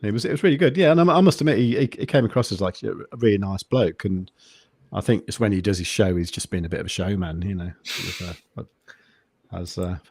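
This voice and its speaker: A man with a lowish voice talks as a podcast guest, keeping an even, understated tone and stumbling through frequent restarts. His voice sits close and dry, with no room around it. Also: fairly quick, breathy edge, no echo. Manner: even-toned, understated, hesitant with many restarts. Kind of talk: casual podcast chat.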